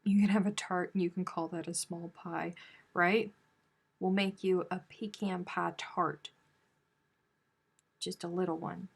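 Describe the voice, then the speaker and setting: Gravelly-voiced woman chatting on a live stream. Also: lowish voice, flat delivery, a little slow, long pauses. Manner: chatty and teasing, reads comments aloud. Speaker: crochet live stream host. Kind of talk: casual live stream chat reading viewer comments.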